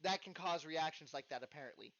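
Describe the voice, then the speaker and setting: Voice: medium pitch, fairly quick, a bit bright. A podcast host telling a story in casual chat, acting out the voices and swearing freely. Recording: dull lo-fi podcast recording.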